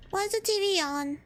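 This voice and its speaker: A woman's voice: very high-pitched, a bit bright. A woman streaming a horror game, chatty and jumpy, laughing nervously when scared. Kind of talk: horror game let's play.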